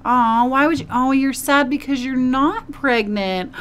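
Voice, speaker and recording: A woman's voice: high voice, takes it slowly, soft background music. A woman casually narrating a life-simulation game, chatty and emotive, cooing at her characters. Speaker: gaming video host. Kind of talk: casual let's play commentary.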